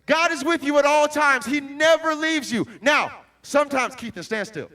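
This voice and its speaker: This man, a Christian motivational speaker, preaches to young listeners in a very high, bright voice at normal speed. He poses questions to the crowd and bursts into shouting, all recorded from well back.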